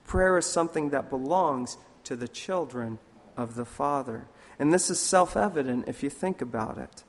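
A man preaching a sermon in an earnest way, slipping into lively voices when he tells a story. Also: on the high side. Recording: long hall reverb.

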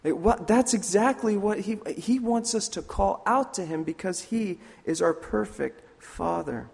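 Earnest preacher in a reverberant hall. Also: male voice, high-pitched, a little slow, vocal fry. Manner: earnest, storytelling with lively quoted voices. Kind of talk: sermon.

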